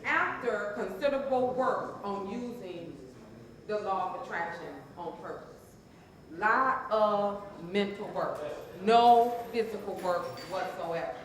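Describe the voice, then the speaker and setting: A woman's voice: mid-range voice, measured pace. A woman giving a motivational talk as a transformational coach, emphatic and calling on the audience to answer. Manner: emphatic, call-and-response with audience. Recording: very echoey room.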